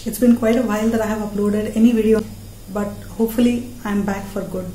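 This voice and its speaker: A woman's voice: medium pitch, fairly even intonation, fairly quick, dark tone, roomy sound, a little hiss or hum. A woman with an Indian accent performing a playful stand-up comedy monologue as host of her channel, slipping between languages mid-sentence.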